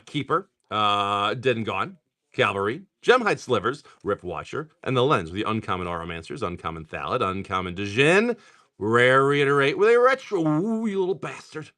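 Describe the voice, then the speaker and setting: Here a middle-aged live stream card seller sounds very animated, his medium-pitched voice pushed and bright. Cracking packs in casual commentary, he fires off card names quickly and chats with buyers between pulls.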